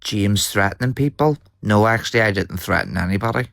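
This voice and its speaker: A man's voice: on the low side, brisk, gravelly, fairly bright tone, dry recording. A man, arguing heatedly on a live stream, swearing and talking over the others.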